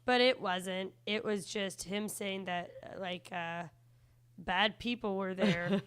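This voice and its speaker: A woman's voice: medium pitch, fairly even intonation, slow, fairly bright tone, smooth. A young woman co-hosting a casual comedy podcast, chatty and self-deprecating. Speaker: podcast co-host.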